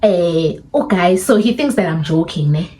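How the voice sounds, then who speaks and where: Animated young South African woman storyteller. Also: on the low side, moderate pace. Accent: South African English with Zulu. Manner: animated, mixing English and Zulu, acting out dialogue. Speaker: storyteller vlogger. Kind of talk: casual storytime.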